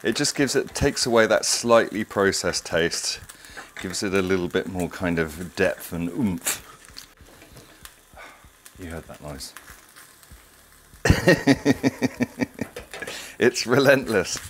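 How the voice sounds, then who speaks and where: A man's voice: low-pitched, expressive, takes it slowly, long pauses, a bit bright, slight background noise. A middle-aged man, hosting a casual cooking demonstration in his home kitchen, chatty, digressive and enthusiastic. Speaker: cooking show host.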